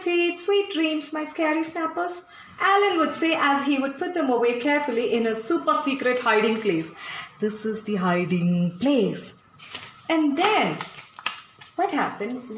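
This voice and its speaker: Brief: high, lively woman storyteller reading aloud to kids, echoey room. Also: slight background noise. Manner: animated, asks the listener questions. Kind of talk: picture-book reading for children.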